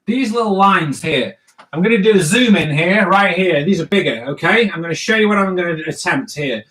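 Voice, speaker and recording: A comics teacher draws live while chatting directly to his viewers, cracking jokes and keeping the lesson playful. His voice is high-pitched, expressive and a little bright, and he talks at a brisk clip.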